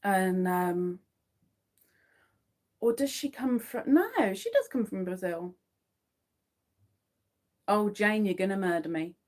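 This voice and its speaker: A woman talks at an unhurried pace as she crochets live, chatting easily with her viewers. Her pitch sits in the middle of the range, and she quietly counts stitches under her breath between remarks. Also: lively intonation. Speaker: crochet livestream host. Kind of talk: casual chat to a live audience while crocheting.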